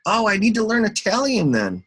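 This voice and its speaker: Man, bright forceful voice, casual rambling chart talk, chatty. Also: high voice, huge pitch swings, moderate pace, breathy edge. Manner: rambling, chatty, talks to himself and viewers. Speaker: market commentator.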